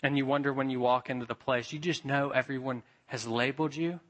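A man's voice: medium pitch, fairly even intonation, fairly quick, muffled recording. A man preaching a sermon, telling a story and asking his listeners rhetorical questions. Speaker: pastor.

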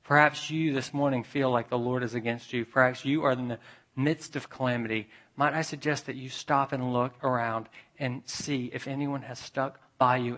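Earnest male pastor preaching. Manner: earnest, drops soft and low for tender lines. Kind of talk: sermon.

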